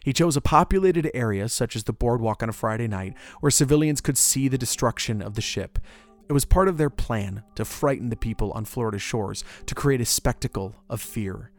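A man's voice: medium pitch, brisk. Man narrating history casually. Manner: conversational, with asides and joking tangents.

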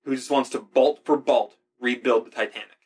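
A man talking in a loose, casual chat, his voice sitting at an ordinary middle pitch. He is laid-back, drops swear words freely and leans on fillers like "you know" and "like". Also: fairly even intonation, normal speed, darkish tone, slightly rough.

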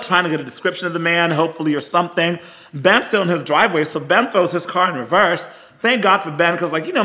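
Dude cohosting, super chatty, keeps saying y'all and girl, bright tone. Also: high-pitched. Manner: animated, chatty, calls listeners y'all and girl. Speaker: podcast co-host. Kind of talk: casual storytelling chat.

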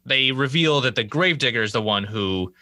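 A man's voice: mid-range voice, animated, pushed and bright, no room sound. A man co-hosting a podcast, recapping a TV episode in loose, profane, chatty storytelling. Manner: loose, profane storytelling with quick quoted asides. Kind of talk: casual chat.

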